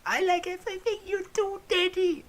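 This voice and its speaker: A man voicing a whiny, eager young man in a high, giggly voice. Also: normal speed, fairly bright tone. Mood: excited. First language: German.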